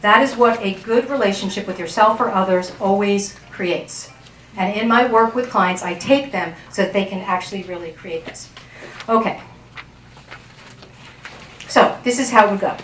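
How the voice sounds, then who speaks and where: A woman's voice: mid-range voice, moderate pace, fairly bright tone, distant mic, a little hiss or hum. A woman relationship coach giving a workshop talk to an audience in a chatty way, often checking in with her listeners. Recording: roomy sound from off-mic.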